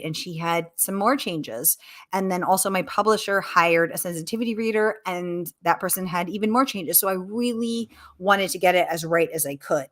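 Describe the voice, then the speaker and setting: A middle-aged woman author answering questions in a casual livestream Q&A, animated and exclamatory, breaking into quick laughs. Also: on the low side. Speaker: author being interviewed.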